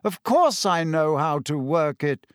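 Brief: a calm, tired middle-aged male teacher, read by a man, patient and measured, with a dry, close sound. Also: fairly high pitch, no room sound.

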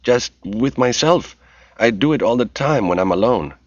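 A man's voice: mid-range voice, animated, normal speed, dry recording, highs cut off, voice pushed up, natural voice. Nervous young snoop, as a male narrator voices him. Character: nervous young man sneaking through files.

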